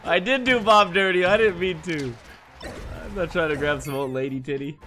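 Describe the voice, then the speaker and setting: A man's voice: on the high side, normal speed, over music. A man in his late thirties, a streamer telling crude, rambling stories from his childhood to his chat and laughing along as he goes. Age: 30s. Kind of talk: casual storytelling chat.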